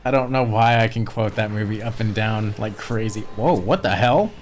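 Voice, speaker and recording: A video game streamer giving casual gameplay commentary, animated, laughing often and swearing casually. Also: mid-range voice, normal speed, a little hiss or hum.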